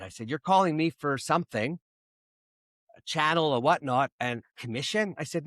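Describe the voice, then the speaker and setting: A man's voice: fairly high pitch, a little fast, fairly bright tone, no room sound. A middle-aged man from Canada hosting a podcast, ranting bluntly and swearing in casual chat. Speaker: podcast host.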